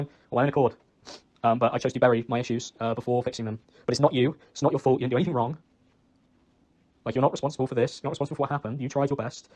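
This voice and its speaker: Young British guy, choked up and self-blaming, mellow tone, talks in a fast spill. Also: on the high side. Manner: rambling, self-reproaching, swears often. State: emotional, choked up. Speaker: ex-boyfriend leaving an apology message. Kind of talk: recorded personal voice message.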